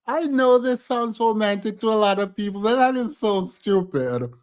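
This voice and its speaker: Sassy, lively high-voiced man reacting. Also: normal speed, clear, resonant tone. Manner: sassy, emphatic, laughs often. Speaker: streamer reacting to a reality show. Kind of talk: casual reaction commentary.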